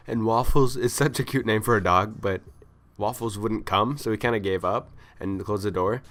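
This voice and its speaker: A man ranting in casual storytelling, exasperated and complaining, acting out the people he met in quick quoted lines. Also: medium pitch, fairly bright tone. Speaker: vlogger.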